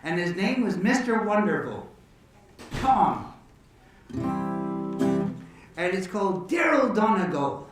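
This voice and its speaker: A man entertaining an audience, telling jokes and stories in a lively, animated way. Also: high voice, slow pace, pauses often. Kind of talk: joke telling and storytelling to an audience. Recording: echoey hall, distant mic, faint guitar.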